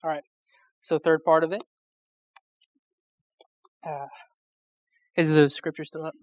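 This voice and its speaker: A man's voice: fairly high pitch, level tone, slow, no room sound. A young man preaching a sermon in a casual, rambling storytelling way, with lots of fillers and restarts.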